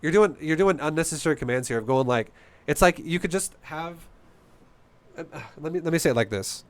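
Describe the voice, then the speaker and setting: A man's voice: on the high side, animated, fairly quick. A man coaching a player through a game replay in a casual, blunt, profane and passionate way. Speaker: StarCraft coach.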